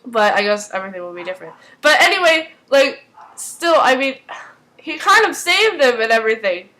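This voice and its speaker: A woman giving a casual spoken recap of a TV episode, rambling with lots of fillers and restarts and turning animated and emotional as she reacts. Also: high-pitched, normal speed, low-quality recording. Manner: animated and emotional, swinging between excitement and mock dismay. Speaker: fan recap vlogger.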